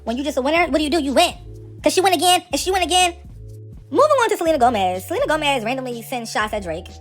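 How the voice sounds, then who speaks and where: A woman hosting casual celebrity gossip commentary, sassy, slangy and animated. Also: sits high, rapid-fire, soft background music.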